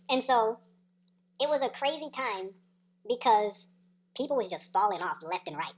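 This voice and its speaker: A woman's voice: on the high side, expressive, takes it slowly, long pauses. A woman telling a wild personal story in a casual, profane, slangy way, tagging her sentences with "right?" and laughing between beats. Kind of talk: casual story time monologue.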